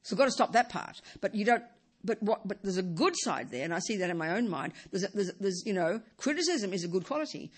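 Teaching the dharma, this woman talks quickly in a mid-range, breathy voice with lively intonation. Her speech comes in bursts, with phrases repeated and restarted, and she keeps asking her audience rhetorical questions.

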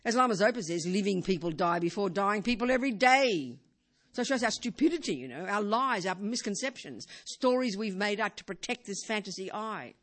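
An older woman giving an informal Buddhist teaching in a medium-pitched, conversational voice. She sprinkles in "you know," asks her listeners rhetorical questions, and moves between emphatic lines and quiet, hushed ones. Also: animated, a little fast. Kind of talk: informal dharma talk.

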